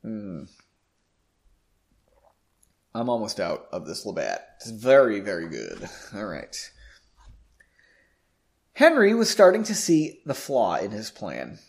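A man's voice: lowish voice, wildly swooping pitch, slow pace, gravelly, long pauses. Chatty man reading a story aloud. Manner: chatty, self-correcting, jokey asides. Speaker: reader. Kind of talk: casual storybook reading with asides.

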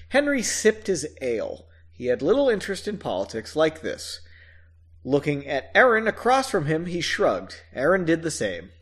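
A man's voice: on the high side, wildly swooping pitch, normal speed, husky. A young man hosting a podcast, reading a book aloud and mocking it in a sarcastic, rambling way, laughing and swearing often. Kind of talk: casual podcast chat and mocking read-along.

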